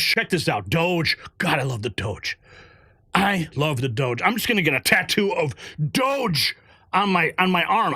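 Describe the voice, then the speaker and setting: A male host giving animated political commentary, excitable and prone to exclaiming and laughing. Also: sits high, no room sound, studio quality.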